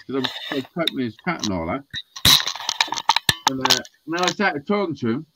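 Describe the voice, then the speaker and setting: A man's voice: on the high side, a little fast, slight background noise. A man telling a rambling, sweary story in casual podcast chat, acting out what people said. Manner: sweary, animated, acts out quotes. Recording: dull lo-fi sound.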